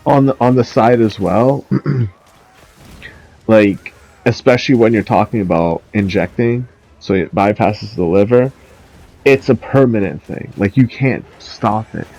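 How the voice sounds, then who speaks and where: A man's voice: on the low side, unhurried, gravelly, darkish tone, no echo. A young man ranting in casual commentary, swearing often, laughing and rambling with many fillers. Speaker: commentary vlogger. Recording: dull lo-fi audio.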